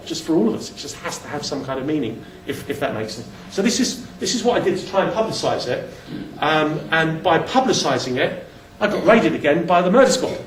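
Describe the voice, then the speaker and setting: A slightly high-pitched man keeps his slide presentation loose and chatty, often making jokes at his own expense and restarting sentences midway. The room echoes, the microphone is placed far off, and a bit of background noise can be heard.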